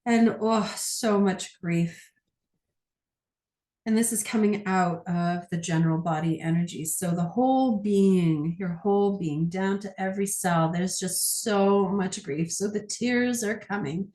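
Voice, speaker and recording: A woman's voice: mid-range voice, darkish tone, echoey room. A woman energy healer guiding a healing session in a soothing way, with long sighing "oh"s as she voices what she feels. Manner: soothing, drawn-out sighing "oh"s, speaks feelings aloud.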